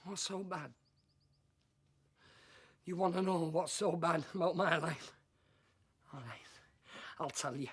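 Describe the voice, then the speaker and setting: Ivan Ivanich, a frantic, desperate clerk. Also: male voice, on the high side, a little slow, long pauses, slightly rough. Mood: grimly calm. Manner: frantic, pleading, bursts into shouted rants. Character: desperate henpecked married clerk, middle-aged. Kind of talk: filmed comedy drama acting.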